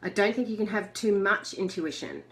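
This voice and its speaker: A woman's voice: mid-range voice, animated, moderate pace. A middle-aged woman hosting a live video chat. She talks chattily, reads out viewer messages, and laughs often. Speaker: host.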